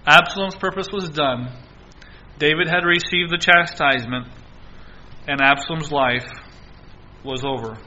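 A man's voice: on the high side, pushed and bright, dull audio. A male preacher giving an earnest sermon, exhorting his listeners and repeating key phrases.

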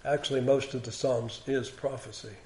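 A man's voice: medium pitch, fairly even intonation, normal speed, mellow. A man preaching a sermon in a plain conversational way, repeating key words for emphasis.

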